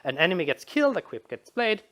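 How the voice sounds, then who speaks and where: A woman's voice: lowish voice, sing-song, fast, a bit bright. A woman giving a casual, rambling game design commentary, with frequent restarts and repeated words. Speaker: video essayist.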